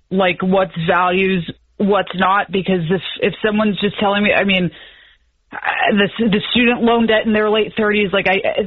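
A woman calling in to an advice radio show, hesitant and halting, often restarting her sentences. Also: mid-range voice, no room sound. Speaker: caller. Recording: tinny phone line.

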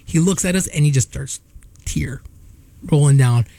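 A man hosting a radio show, telling a family story in casual chat with lively restarts. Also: on the high side, normal speed, gravelly, a little hiss or hum. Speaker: radio host.

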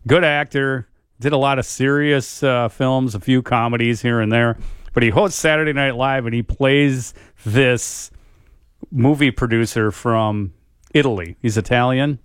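A chatty man bantering on a sports radio show, spinning long joking stories and laughing as he goes. His voice sits at an ordinary middle pitch, and the sound is dry and close to the mic. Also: clean tone, no room sound. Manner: chatty, joking storyteller who laughs through his own tales. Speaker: radio sports show co-host, former color analyst. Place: radio studio.

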